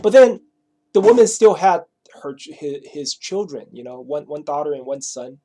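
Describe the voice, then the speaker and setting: A man's voice: a little high, lively intonation, normal speed, mellow. A man spins a long, rambling story in a loose, casual way. He swears freely and keeps checking in with "right?" and "you know?" as he goes. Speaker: vlogger.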